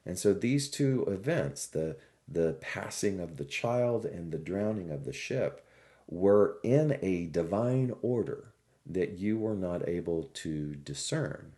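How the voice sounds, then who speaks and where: A man who teaches spirituality, telling a parable in a reflective, expressive sermon. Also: deep voice. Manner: slow, reflective, expressive storytelling. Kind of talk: storytelling sermon.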